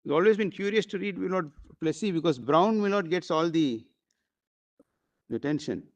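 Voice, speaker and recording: A man's voice: fairly high pitch, animated, moderate pace, dull audio. A man with an Indian English accent arguing formally before a court, addressing the bench as "my lord" again and again. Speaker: advocate. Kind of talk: courtroom argument.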